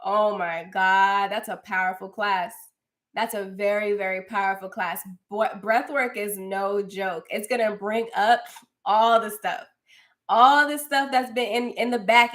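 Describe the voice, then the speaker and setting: A woman's voice: mid-range voice, a bit bright. A young woman hosting a casual livestream, chatting effusively with viewers and calling them girl. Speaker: livestream host and spiritual coach. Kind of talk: casual livestream chat reading comments.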